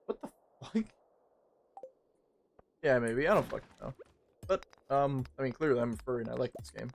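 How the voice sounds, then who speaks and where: A man's voice: medium pitch, expressive, moderate pace, creaky, slight background noise. A man chatting casually on a livestream, swearing a lot and rambling in a joking way. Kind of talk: casual stream chat.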